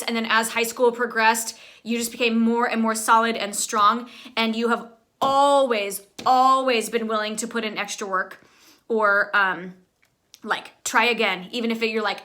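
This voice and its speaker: A woman's voice: on the high side, fairly even intonation, moderate pace. A young adult woman, a choir teacher, giving rambling, heartfelt farewell messages to her graduating students, full of fillers. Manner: warm, rambling, filler-heavy, chatty.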